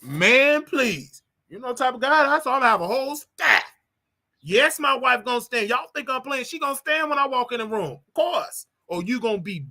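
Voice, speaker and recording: A man hosting a casual livestream, talking straight to his viewers in an animated, repetitive way with preachy asides. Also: very high-pitched, normal speed. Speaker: livestream show host.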